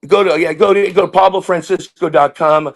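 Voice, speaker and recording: A middle-aged man, a comedian, telling rambling stories in an animated way and dropping into voices. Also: high voice, brisk, a little hiss or hum. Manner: rambling, jumps into impressions and character voices. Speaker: comedian guest.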